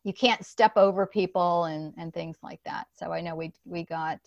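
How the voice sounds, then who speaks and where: A woman's voice: on the low side, fairly even intonation, moderate pace, vocal fry, no echo. A middle-aged woman hosts a casual podcast chat, rambling along with plenty of fillers and restarts. The recording is dull and slightly lo-fi, and very dry with no room sound. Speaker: podcast host.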